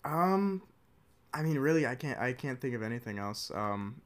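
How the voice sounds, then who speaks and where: Young man, middle pitch, hesitant, casual podcast movie review, lots of ums. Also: big pitch swings, normal speed. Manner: hesitant, many ums and restarts. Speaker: podcast co-host.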